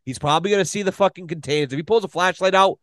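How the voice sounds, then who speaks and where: Profane, animated man telling a story. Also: high voice, racing, dry recording. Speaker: podcast guest. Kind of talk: casual storytelling.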